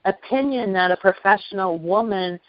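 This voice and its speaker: A woman's voice: medium pitch, moderate pace, no room sound, highs cut off. A woman hosting a podcast, asking questions and chatting in an eager, enthusiastic way. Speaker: podcast host. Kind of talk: casual interview.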